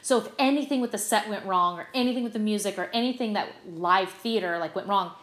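A middle-aged woman chats as an interview guest, spilling stories in an animated, filler-heavy way. Her voice sits at an ordinary pitch, and the room adds a noticeable echo. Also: fast talker. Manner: animated, chatty, lots of fillers. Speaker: guest, stage actress. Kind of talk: casual interview storytelling. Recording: roomy echo.

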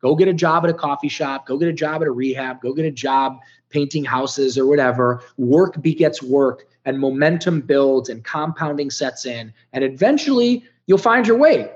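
A man's voice: mid-range voice, expressive, normal speed, dull audio. A man in his fifties from Ohio, telling his recovery story as a podcast guest in a candid, emotional and profane way. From Ohio, United States. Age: 50s.

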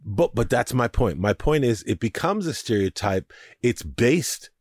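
A man co-hosting a podcast, talking through a film in animated, casual discussion and often restarting his sentences. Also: mid-range voice, measured pace, dry recording, clean studio sound. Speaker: podcast co-host.

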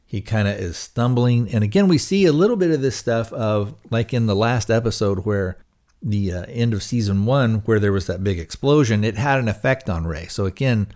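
A man's voice: fairly low pitch, lively intonation, normal speed, darkish tone. A man hosting a podcast, casually recapping a TV episode with lots of fillers and restarts. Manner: rambling, many fillers and restarts. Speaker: podcast host reviewing a TV episode.

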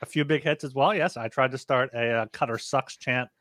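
A man's voice: mid-range voice, a little fast, fairly bright tone, no room sound, studio quality. A man co-hosting a sports betting podcast in a chatty, joking manner, reading promos. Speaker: podcast co-host. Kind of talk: casual podcast chat and ad reads.

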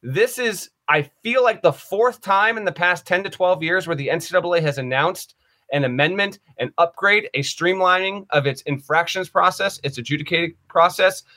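Male podcast co-host, bright and forceful tone, reads news aloud and then offers skeptical takes. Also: sits high, moderate pace. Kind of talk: casual sports chat.

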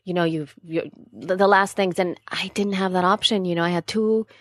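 A woman's voice: fairly low pitch, fairly even intonation, normal speed. A woman in casual chat, talking candidly and rambling, often correcting herself mid-sentence.

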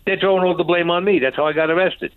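A former mob enforcer, appearing as a guest, tells a courtroom story in a high, smooth, steady voice at a quick pace. He's blunt and profane, animatedly acting out what each person said. The dry recording has a tinny, phone-like quality.

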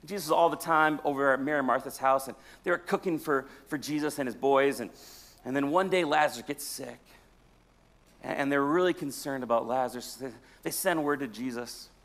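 Preaching in a somewhat high voice at a moderate pace, a pastor tells stories and trades jokes with the congregation. He moves back and forth between booming and quiet moments.

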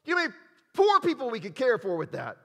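A man voicing indignant male onlookers scolding a woman, incredulous and sharp. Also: very high-pitched, wildly swooping pitch, fast, gravelly, pitched above the performer's own voice, heavily acted. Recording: long hall reverb.

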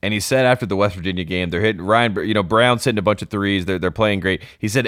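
A man's voice: on the low side, fast talker, hardly any pauses, fairly bright tone, dry recording, clean studio sound. A young man co-hosting a sports podcast, talking casually and enthusiastically, laughing as he goes. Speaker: podcast co-host.

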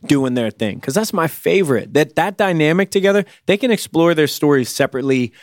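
A man chatting casually about TV shows, talking fast with lots of restarts and repeated words. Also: fairly high pitch, lively intonation, dry recording, clean studio sound. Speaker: co-host discussing TV shows. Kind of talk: casual chat.

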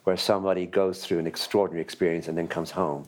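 Irish man hosting, low-voiced and musing. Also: little pitch movement, quick pace, a little mellow. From Ireland. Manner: musing, hesitant, many ums and restarts. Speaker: host of a book club conversation. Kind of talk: literary conversation before an audience.

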